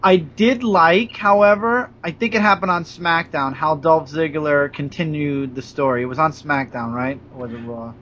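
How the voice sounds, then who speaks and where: A man's voice: on the high side, steady tone, moderate pace, hardly any pauses, a bit bright, muffled recording, slight background noise. A young man from Brooklyn co-hosting a wrestling podcast, rambling with strong opinions and playful jabs. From Brooklyn, New York. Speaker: podcast co-host. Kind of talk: casual wrestling chat.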